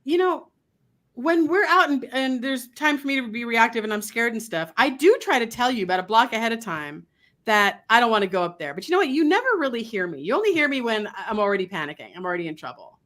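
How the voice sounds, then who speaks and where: A woman voicing a worried dog that earnestly and haltingly pleads with its owner to be heard. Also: fairly high pitch, big pitch swings, fairly bright tone. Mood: pleading.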